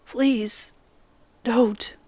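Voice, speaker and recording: A woman voicing a young man, a calm and menacing psychopath, speaking in a mocking tone in a horror story. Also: on the high side, very slow, breathy edge, full character voice. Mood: pleading. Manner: mocking, then trembling.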